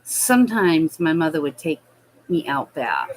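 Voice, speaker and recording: A woman telling a personal childhood story in a hesitant, halting way, full of fillers. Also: deep voice, big pitch swings, slight background noise, rough recording. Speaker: vlogger.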